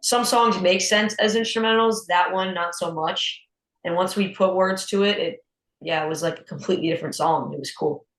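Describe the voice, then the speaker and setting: A man's voice: high voice, fairly quick. Casting: teen boy guitarist, laid-back interview guest, echoey room. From United States. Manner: relaxed, chatty, with repeated restarts. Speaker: young blues guitarist, guest. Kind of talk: casual interview chat.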